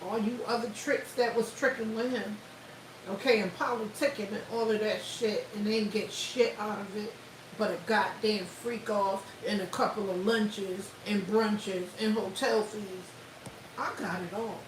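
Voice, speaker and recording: A woman's voice: mid-range voice, steady tone, a little slow, lightly acted. A woman putting on the voice of a smug wealthy woman taunting others about her payout. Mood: smug gloating. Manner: boastful, taunting. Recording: roomy echo, far from mic, faint hiss.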